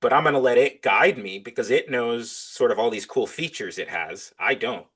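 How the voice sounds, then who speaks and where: This is a man guesting on a podcast, speaking at an ordinary mid pitch. He chats easily and with enthusiasm. He slips into little acted-out exchanges as he talks. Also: moderate pace, fairly bright tone, slightly rough. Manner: enthusiastic, acts out his own back-and-forth dialogue. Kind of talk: casual interview chat.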